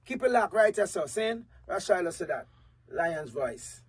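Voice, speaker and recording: A woman doing a slow, sing-song station drop, partly sung. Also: lowish voice, lively intonation, breathy edge, recorded from a distance.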